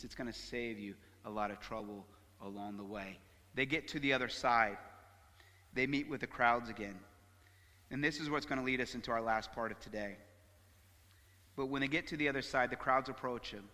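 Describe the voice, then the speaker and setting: A man preaching a sermon as pastor, telling stories with animated swings from loud to hushed. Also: medium pitch, big-room sound. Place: church sanctuary.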